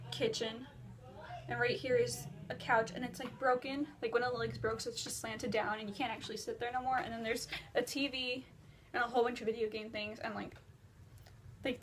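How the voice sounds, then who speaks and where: A teenage girl vlogger telling a dream story in casual, rambling chat, filler-heavy and animated. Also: fairly high pitch, noisy background. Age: teens. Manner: breathless and animated while retelling a dream.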